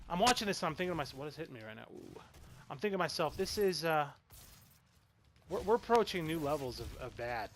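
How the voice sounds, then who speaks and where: A man's voice: fairly high pitch, animated, quick pace. A man in his thirties giving a casual spoken movie review, rambling and exasperated and swearing freely. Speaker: film reviewer.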